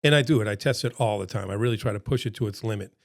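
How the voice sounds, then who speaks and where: A man's voice: fairly low pitch, rapid-fire, creaky. A middle-aged man presenting a seminar in a casual, pep-talk way, repeating his points for emphasis, his throat a bit froggy.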